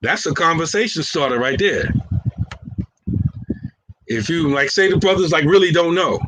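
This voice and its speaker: A man's voice: on the high side, normal speed, long pauses, a crowd in the background, poor audio. A man, talking casually and playfully while acting out everyday scenarios and chuckling at his own lines.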